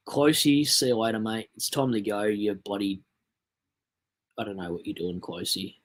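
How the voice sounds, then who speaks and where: A man's voice: lowish voice, fairly even intonation, moderate pace, fairly bright tone. A young Australian man hosting a casual livestream, chatting loosely, rambling and reading out viewer messages. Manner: chatty, rambling, reads chat aloud. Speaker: livestream host.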